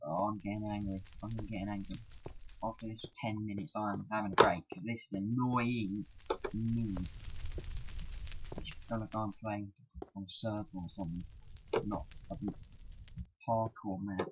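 A man's voice: fairly low pitch, steady tone, moderate pace, long pauses, noisy background. A man giving casual gameplay commentary, frustrated and self-mocking, sometimes talking about himself in the third person. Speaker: gaming commentator.

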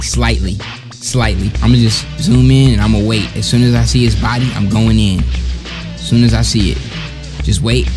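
Jumpy young man commenting on a game. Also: fairly low pitch. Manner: jumpy, joking, talks to himself. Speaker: gamer. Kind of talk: let's-play commentary. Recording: game music underneath.

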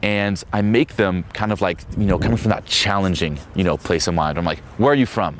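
A man's voice: deep voice, brisk, fairly bright tone, slight background noise. A man coaching a seminar in a brash, teasing way, acting out bits of dialogue. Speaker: dating coach. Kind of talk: seminar talk.

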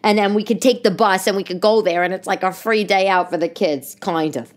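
A woman's voice: medium pitch, fairly quick. A woman, telling comic stories in a loose, chatty monologue full of asides. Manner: chatty, animated, many restarts and asides. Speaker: podcast host, stand-up comedian. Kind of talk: casual comedic monologue.

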